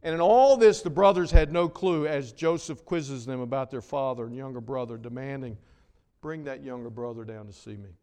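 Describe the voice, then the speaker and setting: A man's voice: mid-range voice, normal speed, smooth. Preacher man in a reverberant hall. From North Carolina. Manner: dramatic swings from loud to hushed. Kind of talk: sermon. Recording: long reverb of a large hall.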